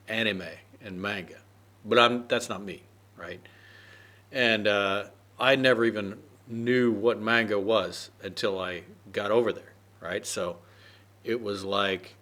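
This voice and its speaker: A man's voice: on the low side, fairly bright tone. A man explaining an English idiom with loose personal stories, rambling with many fillers and asking "right?" often. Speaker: English teacher. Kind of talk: unscripted idiom lesson.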